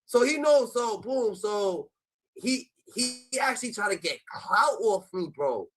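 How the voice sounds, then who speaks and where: A man telling a rowdy street story in casual chat, heavy with slang and cursing, jumping in pitch whenever he acts out other people. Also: measured pace, rough recording. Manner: animated storytelling, acting out quoted voices with jumps in pitch. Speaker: host.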